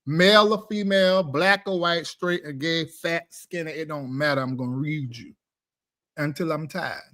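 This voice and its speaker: A man's voice: on the high side, normal speed, pushed and bright. A man hosting a casual live-stream chat, talking in a blunt, emphatic, preachy way. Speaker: live show host.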